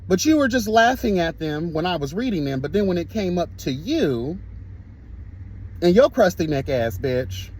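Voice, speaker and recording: A man's voice: high-pitched, sing-song, normal speed, a little mellow, slightly rough, poor audio. A man delivering a sassy, flamboyant commentary rant as an online reviewer, dramatic and full of cussing and catchphrases, a little sweaty from the gym.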